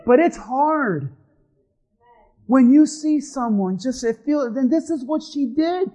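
A man pastor delivering a sermon, swinging between shouting and hushed tones. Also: extremely high pitch, slow pace, rough recording.

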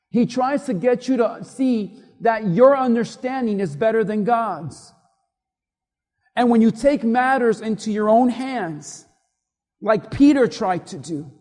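A man's voice: extremely high pitch, a little mellow. A man preaching a sermon with emphatic, repetitive delivery, asking the congregation to repeat after him. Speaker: pastor. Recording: long reverb of a large hall.

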